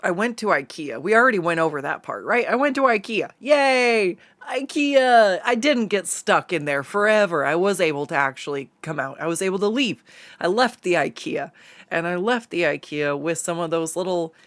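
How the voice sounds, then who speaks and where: A woman's voice: lowish voice, expressive, brisk, fairly bright tone, no echo. Young woman streaming, just yapping and cracking herself up, cusses a lot, dry close sound. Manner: chatty storytelling, laughs often, swears freely. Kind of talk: casual chat.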